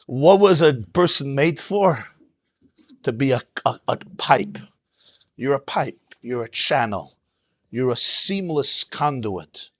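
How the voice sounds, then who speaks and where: A man teaching a Torah class as a rabbi, in an animated, emphatic way, sprinkling in Hebrew terms. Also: medium pitch, slow, dry recording, studio quality. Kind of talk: lively Torah lecture. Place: synagogue.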